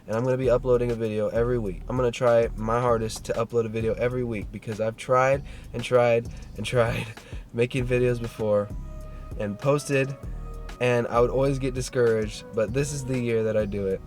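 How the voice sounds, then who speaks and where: A man's voice: medium pitch, fairly even intonation, fairly quick, darkish tone, soft background music. A man in his twenties giving an earnest motivational vlog talk, addressing the viewer directly, swearing casually and saying "dude.". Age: 20s. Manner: earnest, gets worked up and pep-talks the viewer. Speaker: vlogger.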